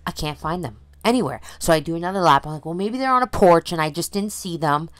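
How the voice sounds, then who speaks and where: A middle-aged woman from Canada, co-hosting a casual podcast chat and telling stories in an animated way, acting out her own panicked shouts. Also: on the low side, fast. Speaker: podcast co-host.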